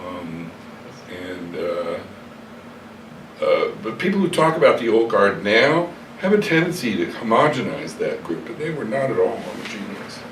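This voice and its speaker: A man's voice: on the low side, sing-song, normal speed. An older man being interviewed, telling stories from his past in a rambling, hesitant way, full of fillers and self-corrections. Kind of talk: reflective storytelling interview. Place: hotel room. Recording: echoey room, distant mic, faint hiss.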